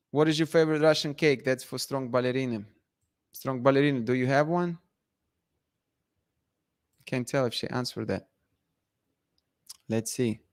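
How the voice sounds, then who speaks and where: A man's voice: mid-range voice, clean tone. A man hosting a casual live stream, reading viewer comments in a playful, emphatic way that repeats itself. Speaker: livestream host.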